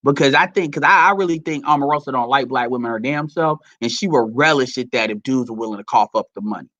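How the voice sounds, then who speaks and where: A man's voice: mid-range voice, fast, pushed and bright, dry recording, muffled recording. A man giving heated, profane, rambling commentary to his audience. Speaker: commentary vlogger.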